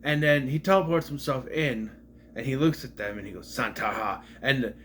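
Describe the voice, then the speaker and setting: A man's voice: mid-range voice, normal speed, fairly bright tone, a little hiss or hum. A man talking through an episode in a loose, rambling, casual retrospective. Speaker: show reviewer.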